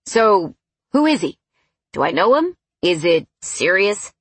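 A woman voicing a cocky, condescending male coworker who teases and smirks, in a storybook read with a husky voice. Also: high-pitched, sing-song, a little slow, a bit bright, dry recording, heavily acted. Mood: smirking, teasing. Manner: teasing, know-it-all.

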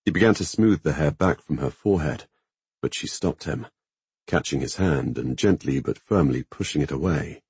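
Brief: male audiobook narrator, deepest of voices, dry close sound, steady. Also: moderate pace, slightly rough, no room sound. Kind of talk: scripted fantasy narration.

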